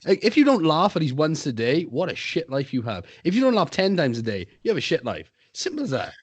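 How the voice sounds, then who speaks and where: A man's voice: fairly high pitch, huge pitch swings, a little fast, breathy edge. A man co-hosting a casual podcast chat, talking emphatically and profanely about staying positive. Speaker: podcast co-host.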